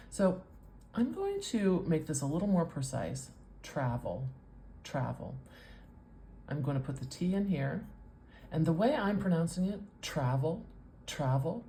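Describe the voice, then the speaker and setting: A woman with a North American accent, teaching as a speech coach with patient explanations and drawn-out sound demonstrations. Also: low-pitched, warm tone, a little hiss or hum. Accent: North American English. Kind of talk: teaching with a whiteboard demo.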